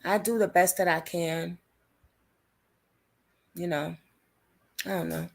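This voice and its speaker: A woman's voice: lowish voice, steady tone, slow pace, gravelly. Chatty woman hosting a live stream. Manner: talkative, reads and answers viewer comments aloud; informal slangy speech. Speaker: livestream host covering a criminal case. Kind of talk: casual live-stream chat with viewers.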